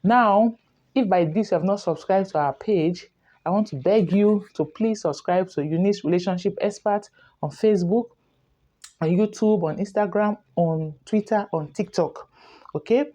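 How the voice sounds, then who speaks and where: A woman's voice: mid-range voice, normal speed, dark tone. A woman, a relationship coach giving earnest advice and repeating her points. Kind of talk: advice talk to camera.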